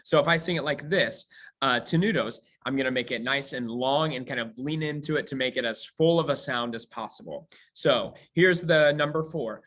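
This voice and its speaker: A man teaching a recorded high school music theory lesson, explaining casually with many ums and uhs. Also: moderate pace, fairly bright tone. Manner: explains casually with many fillers, sings scale demonstrations.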